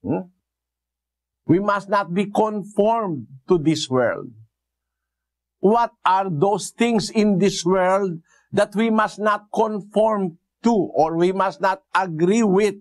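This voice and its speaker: A man preaching a Bible exposition, speaking deliberately with fillers and rhetorical questions to the congregation. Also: sits high.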